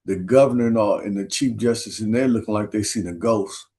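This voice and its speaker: A man's voice: on the low side, brisk, warm tone. Emotional man retelling a story. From Minneapolis, USA. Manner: earnest, emotional, retells others' words with "he said". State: emotional, near tears. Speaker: guest.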